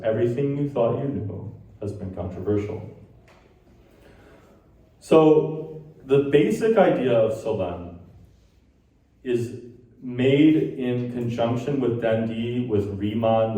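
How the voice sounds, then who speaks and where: Heard from a distance in an echoing hall, a man lectures at a conference, laying out ideas and now and then singing rhythms in syllables. His voice is warm and medium-pitched.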